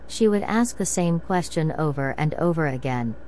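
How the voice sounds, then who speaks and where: A woman narrating a classic short story as a calm bedtime reading, slow and soothing. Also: sits low, poor audio. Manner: slow, even, soothing delivery. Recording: white noise behind.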